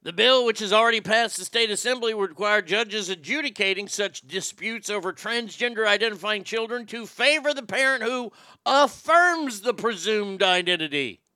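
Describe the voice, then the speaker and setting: A man's voice: high voice, expressive, moderate pace, pushed and bright, clean tone, no echo, studio quality. A man hosting a casual show, ranting sarcastically with lots of profanity. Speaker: podcast host.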